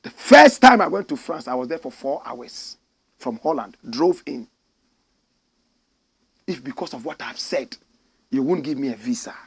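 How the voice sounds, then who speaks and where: Ghanaian-accented male host, impassioned preachy rant, gravelly husky voice. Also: animated, measured pace, long pauses. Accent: Ghanaian English. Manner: fiery, indignant, preachy, swings from shouting to low intensity. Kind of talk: impassioned commentary.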